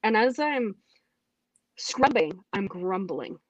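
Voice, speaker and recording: A woman telling her personal testimony in a casual, animated way, acting out what she said back then. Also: mid-range voice, slow, no echo, dull audio. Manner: animated, acts out her own past remarks. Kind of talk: casual storytelling.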